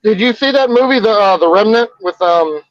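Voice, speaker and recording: A man's voice: sits high, lively intonation, brisk, no room sound, highs cut off. A man co-hosting a casual chat over an online call, telling stories with plenty of swearing. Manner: crude, swearing storyteller.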